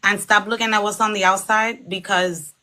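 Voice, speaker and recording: A woman's voice: medium pitch, fairly even intonation, normal speed, sharp tone, rough recording. A woman in her thirties, a podcast guest, talking earnestly about dating, with many fillers. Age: 30s. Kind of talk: casual chat.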